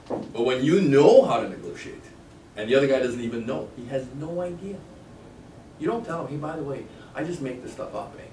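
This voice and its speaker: A man giving a sales negotiation seminar to a live class, telling stories and acting out phone calls. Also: mid-range voice. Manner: animated, storytelling, acts out phone lines. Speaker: sales trainer. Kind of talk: seminar lecture. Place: training room with a live class. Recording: echoey room, mic far off, faint noise.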